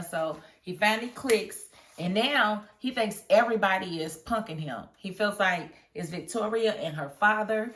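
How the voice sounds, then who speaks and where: A chatty woman talks through a TV episode review in a relaxed, casual way, laughing often as she retells scenes. Her voice sits at a middling pitch and carries a roomy echo. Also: measured pace, hardly any pauses, far from the mic.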